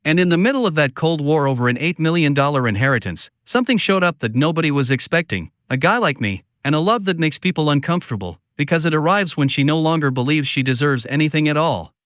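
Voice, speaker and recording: A man narrating a scripted first-person story in a slow, solemn, confiding way. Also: fairly high pitch, expressive, a bit bright, dry recording, clean studio sound.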